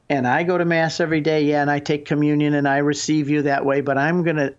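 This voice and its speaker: A man's voice: a little high, fairly even intonation, fairly quick, hardly any pauses, clean tone, muffled recording. A man in his sixties, a guest on a call-in radio show, telling his story in an earnest, emphatic way. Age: 60s.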